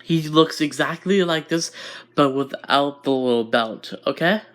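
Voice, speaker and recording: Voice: medium pitch, unhurried, fairly bright tone. A casual narrator telling a fan-made story, rambling and talking to viewers.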